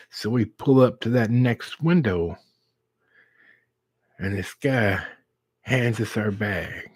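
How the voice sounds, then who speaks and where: A middle-aged man hosting a live stream, telling a casual story slowly and acting out the dialogue. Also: on the low side, animated, husky, dry recording. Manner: slow, drawn-out storyteller who acts out quoted dialogue.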